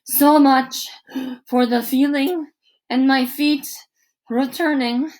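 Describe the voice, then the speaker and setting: A woman's voice: sits high, fairly even intonation, slow, a little mellow, voice pushed up, poor audio. Woman voicing a cocky teen boy quarterback. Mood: winded. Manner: brash, upbeat, gasping after a hit. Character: bossy teenage boy quarterback, cocky then winded.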